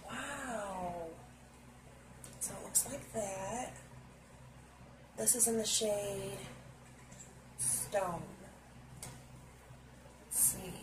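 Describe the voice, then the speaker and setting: A woman's voice: mid-range voice, extremely slow, pauses often, background noise. A woman vlogger unboxing makeup on camera at home, gushing and exclaiming to her viewers. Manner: gushing, exclaims often, talks to viewers directly. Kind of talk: casual unboxing chat to camera. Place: indoors at home, seated on a stool.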